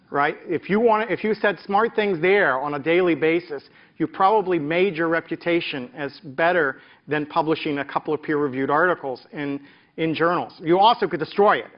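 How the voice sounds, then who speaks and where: Storytelling middle-aged professor, preacher-like cadence. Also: male voice, fairly high pitch, highs cut off. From American South. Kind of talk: reflective interview talk.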